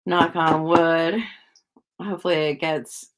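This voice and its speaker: A woman's voice: low-pitched, fairly even intonation, takes it slowly. A woman chatting casually with viewers on a livestream, rambling with lots of fillers and little giggles. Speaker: psychic livestreamer.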